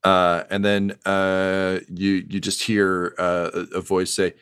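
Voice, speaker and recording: A man narrating as game master, halting with many fillers. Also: low voice, completely flat delivery, fairly bright tone, clean tone, dry recording, studio quality.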